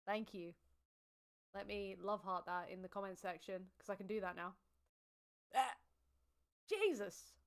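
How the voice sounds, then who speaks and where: Brief: woman livestream host, loose chatty delivery, smooth voice with a gravelly fry. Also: medium pitch, little pitch movement, normal speed. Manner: giggly, chatty, thanking viewers. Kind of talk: casual livestream chat.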